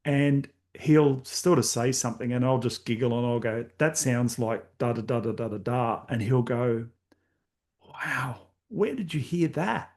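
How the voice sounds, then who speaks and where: A man guesting on a podcast, speaking casually and loosely. He works through his points with easy filler phrases. His voice sits at an ordinary mid pitch for a man. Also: normal speed, few pauses. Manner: relaxed, conversational, with filler phrases. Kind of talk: casual interview chat.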